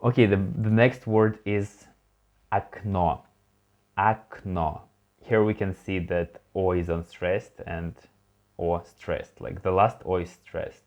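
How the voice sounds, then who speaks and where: Low-voiced, slow, relaxed male language teacher. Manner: relaxed, rambling, many fillers and self-corrections; slow, drawn-out demonstration of words. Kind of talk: casual online lesson. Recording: dull lo-fi home recording.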